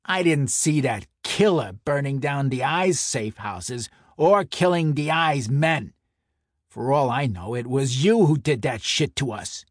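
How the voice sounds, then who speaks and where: A man's voice: mid-range voice, big pitch swings, husky, dry recording, clean studio sound, exaggerated voice. A man voicing a brash middle-aged mob enforcer with a Brooklyn accent, boisterous and needling. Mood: angry. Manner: boisterous, needling, quick to anger. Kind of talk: audiobook character voice.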